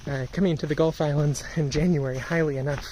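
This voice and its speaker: A woman's voice: low voice, fairly even intonation, fast, background noise. A woman narrating a casual outdoor vlog in a chatty, upbeat, self-deprecating way, talking into a handheld camera. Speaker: solo sailor vlogger. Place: outdoors, on a sailboat and hiking trail.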